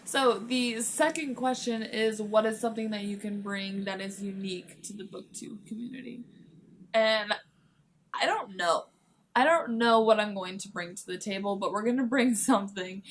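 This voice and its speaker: A woman's voice: medium pitch, slight background noise. A young woman chatting casually to camera about books, rambling and giggly. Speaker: book vlogger.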